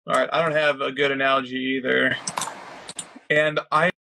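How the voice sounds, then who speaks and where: Bright-voiced man in casual chat. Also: mid-range voice, level tone, normal speed, creaky, slight background noise, rough recording. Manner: wry, reads out listener questions. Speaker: co-host of a collecting podcast.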